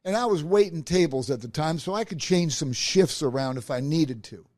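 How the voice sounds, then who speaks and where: A man's voice: fairly high pitch, moderate pace, no echo, clean studio sound. A middle-aged man, a podcast host, telling a personal career story and acting out the voices of the people in it. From Nebraska. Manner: animated, acts out quoted voices.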